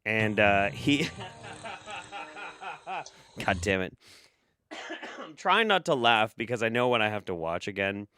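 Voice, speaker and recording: Sarcastic low-voiced man riffing. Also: expressive, a little slow, long pauses, a crowd in the background. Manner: sarcastic, swearing, rambling. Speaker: host. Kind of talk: casual commentary on clips.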